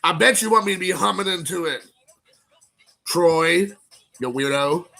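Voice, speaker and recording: A man chatting casually in an unboxing video, excitable and rambling, joking with viewers. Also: high voice, measured pace, vocal fry. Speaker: card collecting vlogger.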